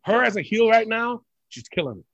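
With the highs cut off, the recording carries a high male voice speaking a little fast. He co-hosts a wrestling podcast and comes from Puerto Rico, ranting bluntly, animatedly and profanely in casual chat.

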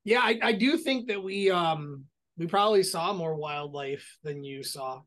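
High-voiced chatty man. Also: expressive, unhurried, a bit bright. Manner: chatty, hesitant with many fillers and restarts. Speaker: podcast co-host. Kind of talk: casual chat.

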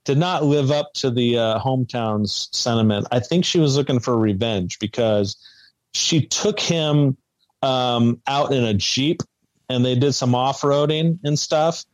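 A man co-hosting a podcast in casual chat, recapping in a relaxed, hesitant way. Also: mid-range voice, unhurried, dry recording, low-quality recording. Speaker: podcast co-host.

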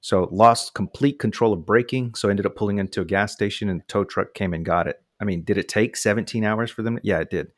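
A man's voice: lowish voice, fast, few pauses, no room sound, clean studio sound. A man from the United States casually telling a long personal story, acting out quotes from the people involved. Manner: animated anecdote with voiced quotes.

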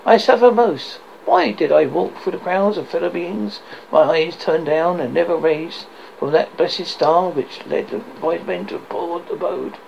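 A man voicing the mournful ghost of an old businessman bound in chains, lamenting in a solemn, drawn-out way. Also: fairly high pitch, vocal fry, a little mellow, muffled recording, a little hiss or hum.

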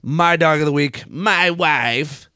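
A man hosting a casual sports podcast, animated and argumentative. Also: on the high side, takes it slowly, over loud music. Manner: animated, argumentative, laughs often. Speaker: podcast host.

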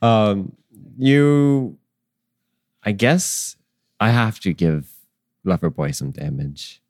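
A man's voice: fairly low pitch, sing-song, very slow, darkish tone. A man running a tabletop game as dungeon master, in a rambling way with many ums and chuckles at himself.

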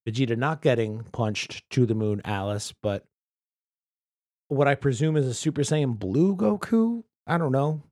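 A man's voice: on the low side, darkish tone, no room sound, studio quality. Swearing, rambling male podcast host. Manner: loose, profane and rambling. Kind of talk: casual solo podcast.

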